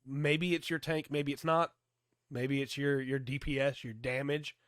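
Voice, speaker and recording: A man co-hosting a podcast about tabletop game rules, hoarse and losing his voice from a cold, chatty and explaining with lots of fillers. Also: medium pitch, level tone, unhurried, a bit bright, no room sound, clean studio sound. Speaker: podcast co-host.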